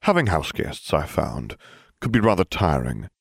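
A man's voice: extremely low pitch, sing-song, normal speed, creaky, breathy edge, no echo. A man narrating a story in a dry, wry manner for an audiobook.

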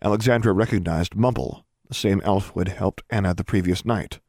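Male audiobook narrator, gravelly low voice, dry close sound. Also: no echo. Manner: steady, measured reading with gravelly low tone.

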